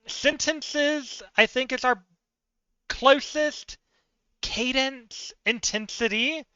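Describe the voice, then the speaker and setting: A man's voice: high-pitched, bright, forceful tone, clean tone, dry recording, highs cut off. A man streaming live word games, thinking aloud, chatting with viewers and poking fun at himself.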